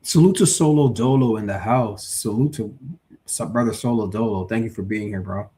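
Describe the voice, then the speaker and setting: A lower-voiced man hosting a live stream in a relaxed, chatty way. He argues hard for his views, gets heated and reads viewer comments aloud. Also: normal speed. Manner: animated, opinionated, reads chat aloud. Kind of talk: casual live boxing talk.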